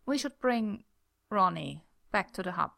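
A woman reading a story, voicing a polite, wary young man who speaks in a dry, measured, understated way. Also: mid-range voice, animated, gravelly, sharp tone, no echo, exaggerated voice.

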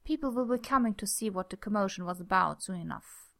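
A dry, careful young man who speaks politely and keeps everything understated, read by a woman narrator. Her voice stays mid-pitched with a gravelly grain. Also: expressive, a little fast, a bit bright, dry recording.

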